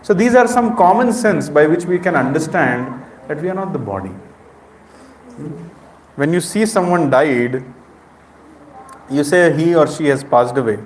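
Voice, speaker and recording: A middle-aged Indian man with a slightly high voice leads a spiritual talk and keeps asking his listeners questions. The sound is roomy, with a hall echo and a faint hum of the space behind him. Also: animated, measured pace, long pauses. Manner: questions the audience directly, conversational. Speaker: spiritual speaker. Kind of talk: interactive spiritual lecture. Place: temple hall with audience. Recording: echoey hall.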